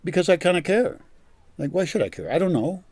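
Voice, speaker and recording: A man's voice: high voice, sing-song, a little fast, darkish tone, breathy edge, no echo. An older man giving a blunt, profane monologue as a vlogger, scornful and direct. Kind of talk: ranting monologue.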